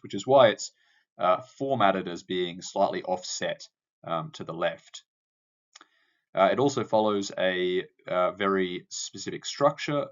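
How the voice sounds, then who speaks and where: Low-voiced man teaching poetry, muffled. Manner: explanatory, many ums and uhs. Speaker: English teacher. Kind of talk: lecture on poetry analysis.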